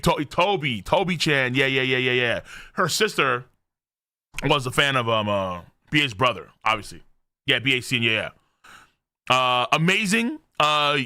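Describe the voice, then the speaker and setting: A young man hosting a live stream where he reacts to a manga, excitable and cursing freely as he reads character lines aloud. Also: mid-range voice, dry recording, studio quality.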